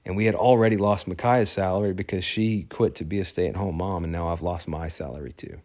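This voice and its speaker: A man's voice: low voice, fairly even intonation, a little fast, darkish tone. A man in his thirties casually telling a personal story, rambling with fillers and restarts and laughing at himself now and then. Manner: rambling, many fillers and self-corrections.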